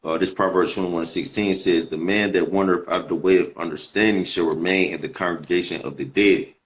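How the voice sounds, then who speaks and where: A man with a very low, deep voice preaching casually on a phone group call. He reads scripture aloud, then talks it over in loose slang, stumbling and repeating words as he thinks. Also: steady tone, fairly quick.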